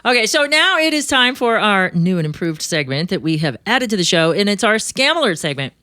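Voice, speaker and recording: A woman hosting a money talk show, chatting casually and joking with quick asides. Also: medium pitch, sing-song, sharp tone, no echo, clean studio sound. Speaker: show host. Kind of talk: casual radio-show chat.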